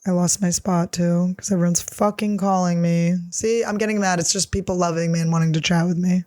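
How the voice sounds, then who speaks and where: A woman's voice: fairly low pitch, steady tone, fairly quick, warm tone, no room sound. A woman comedian in her thirties, answering listener questions in a casual solo chat, blunt, crude and self-mocking.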